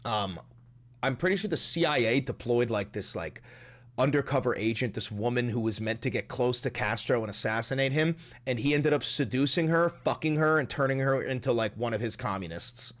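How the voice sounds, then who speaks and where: A man streams live and reacts to a clip, ranting bluntly with heavy swearing and wild, conspiratorial theories. His mid-range voice is expressive, a bit bright, and a little fast.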